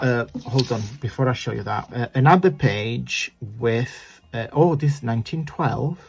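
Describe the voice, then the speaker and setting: A man's voice: mid-range voice, gravelly, breathy edge. A man hosting a casual crafting tutorial, chatty and self-deprecating as he talks while he works. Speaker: crafting channel host.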